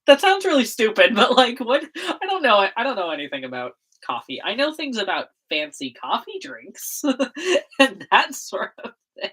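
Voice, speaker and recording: A woman's voice: a little high, wildly swooping pitch, measured pace, fairly bright tone, breathy edge, low-quality recording. A woman chatting casually on a livestream while she makes a zine, rambling with frequent laughs and self-corrections.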